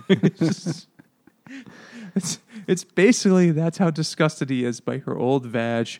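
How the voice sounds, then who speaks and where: A man's voice: on the high side, moderate pace, darkish tone. A man co-hosting a casual book-club podcast, laughing often and acting out quotes in a raised voice. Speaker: podcast co-host.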